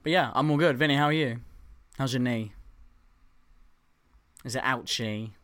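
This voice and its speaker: A man's voice: mid-range voice, normal speed, a bit bright, clean tone, no room sound, clean studio sound. A young man co-hosting a podcast, teasing and swearing as he tells stories and laughs. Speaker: podcast co-host. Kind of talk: casual banter and storytelling.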